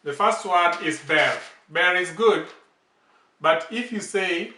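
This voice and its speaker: Slow, bright-voiced man teaching. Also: on the high side, animated. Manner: slow, patient explanations with repeated example words. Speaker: language channel host. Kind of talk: casual language lesson. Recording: roomy echo, distant from the mic.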